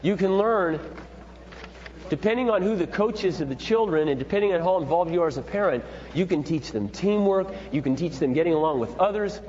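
Lively middle-aged man teaching in an echoey hall. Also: sits high, brisk. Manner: rambling, folksy and animated. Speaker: seminar leader. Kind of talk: parenting seminar talk. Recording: dull echoey hall with faint hum.

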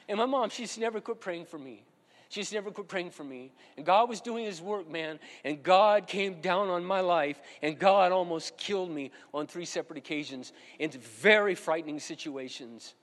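A man's voice: high voice, a bit bright. A middle-aged pastor preaching a sermon, earnest and emphatic, repeating his key phrases. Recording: long hall reverb.

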